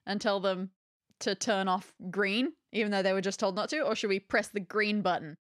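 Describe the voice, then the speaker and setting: A woman playing a tabletop role-playing game, lively and full of questions. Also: medium pitch, moderate pace, dry recording, studio quality. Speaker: player.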